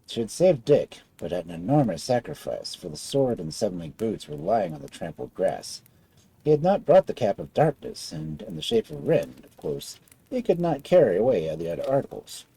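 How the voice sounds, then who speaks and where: A man reading a fairy tale aloud as a storyteller, in an expressive style. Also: moderate pace, vocal fry, slightly rough, no echo, low-quality recording. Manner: expressive storybook reading with wide swings in pitch.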